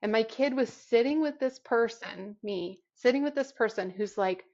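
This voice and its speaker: A woman guest on a podcast telling a personal story in a reflective, halting way, with many fillers and restarts. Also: on the high side, a little mellow, dull audio. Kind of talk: casual conversational storytelling.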